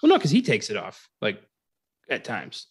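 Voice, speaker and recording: A man's voice: lowish voice, wildly swooping pitch, a little mellow, slightly rough. A man co-hosting a casual movie talk show, who laughs often and acts out lines from scenes. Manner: laughing often, acts out quotes in quick bits. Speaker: podcast co-host.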